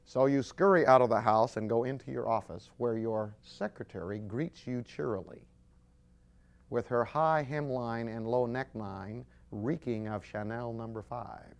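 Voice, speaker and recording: A man preaching a sermon with animated storytelling, acting out scenes as he goes. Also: medium pitch, unhurried, creaky.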